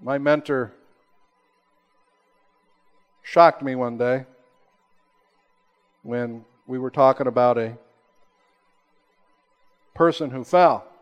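A man preaching a sermon, rising to emphatic high peaks and then dropping to slow, hushed, low lines. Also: muffled recording. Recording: long hall reverb.

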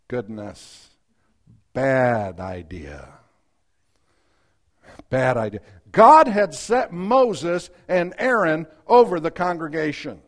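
Reading from scripture, a high-pitched preacher gives voice to its characters. His delivery lurches from loud bursts to whispered asides.

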